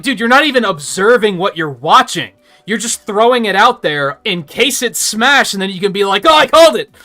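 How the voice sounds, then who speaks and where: A man ranting and swearing on a live gaming stream, mocking people in loud bursts. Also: on the high side. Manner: ranting, profane, mocks others in loud bursts.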